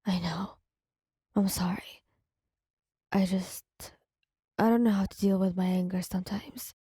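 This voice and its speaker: A man's voice: high-pitched, fairly even intonation, measured pace, dark tone, breathy edge, dry recording, studio quality, pitched below the performer's own voice, exaggerated voice. A woman voicing an angry young male hero student under pressure, clipped and growling, later remorseful, in an audio story. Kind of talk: audio story role-play.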